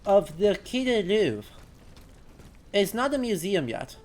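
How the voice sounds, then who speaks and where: A man's voice: high voice, very animated, slow, a little mellow. A man casually commenting on a video game during a live stream, musing aloud, correcting himself and talking to his chat. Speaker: history streamer.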